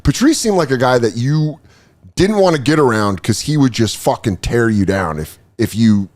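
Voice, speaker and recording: A man in his thirties hosting a podcast, chatting casually and telling stories full of swearing and quick impressions. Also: medium pitch, expressive, darkish tone. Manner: swearing storyteller, bursts into impressions. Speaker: podcast host. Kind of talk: casual chat.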